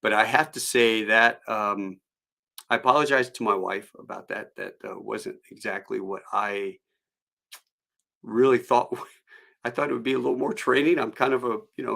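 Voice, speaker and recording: Gravelly-voiced man spinning rambling stories on a live stream, chuckling as he goes. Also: fairly low pitch, normal speed, sharp tone. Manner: rambling anecdotal delivery with chuckles. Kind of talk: storytelling.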